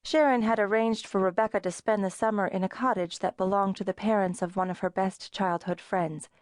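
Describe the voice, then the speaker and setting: A woman narrates an audiobook in a measured, even storytelling voice at a middle pitch. The studio recording is dry and close, with no room sound. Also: no echo. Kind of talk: scripted narration.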